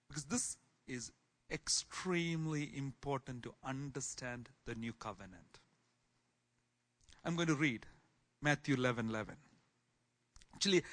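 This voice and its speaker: A man teaching a Bible class in sermon style, swinging from soft asides to loud exclamations. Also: medium pitch.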